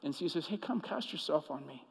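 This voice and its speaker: A man preaching a sermon as pastor, telling stories and moving between hushed, intimate passages and emphatic, rising ones. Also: on the high side, lively intonation, fast, slightly rough, long reverb tail, poor audio.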